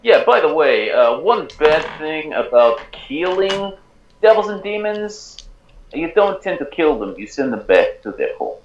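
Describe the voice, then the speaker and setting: A man chatting over a tabletop game in a wry, lecturing manner. His voice swings widely in pitch. The sound is roomy and dull, like a lo-fi recording. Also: big pitch swings, unhurried, a little hiss or hum. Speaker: player. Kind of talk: casual tabletop game chat. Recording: echoey room, dull lo-fi sound.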